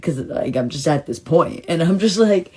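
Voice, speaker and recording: A woman telling a personal story in a rambling, emotional way, full of "like" and sudden jumps into excited retelling. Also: normal speed, slightly rough. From Southern California. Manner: rambling and emotional, heavy use of "like"; swings into excited, high-pitched retelling. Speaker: storytime vlogger. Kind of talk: casual storytelling monologue.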